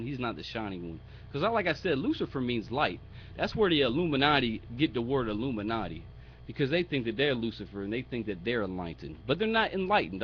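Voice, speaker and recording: Heard through a muffled recording with slight background noise, a medium-pitched man teaches the Bible informally. His tone is blunt and mocking, sprinkled with profanity, and he raises his voice when reading verses aloud.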